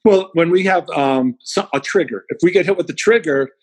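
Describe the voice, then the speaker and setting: A middle-aged man, a guest speaker, telling animated anecdotes in an interview and acting out the quotes. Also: fairly high pitch, a little fast, breathy edge, no room sound, low-quality recording. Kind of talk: storytelling in an interview.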